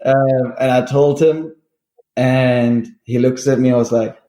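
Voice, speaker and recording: A man's voice: medium pitch, a little slow, echoey room. A man, a guest on an interview show, who chats casually and laughs often. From Germany. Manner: laughs often, relaxed with many fillers. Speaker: guest musician.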